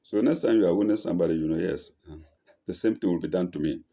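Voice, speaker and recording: Reciting Quran verses and then translating them slowly, this teacher works through the scripture verse by verse, frequently correcting himself and asking "eh?" to check in. His voice is low-pitched and mellow, with vocal fry.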